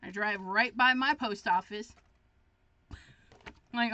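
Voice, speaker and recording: A woman's voice: medium pitch, takes it slowly, pushed and bright, muffled recording. A middle-aged woman hosting a crafting livestream, chatting casually and chipperly as she works and tells stories. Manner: chatty, chipper storyteller reading viewer comments. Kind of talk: casual chat while crafting.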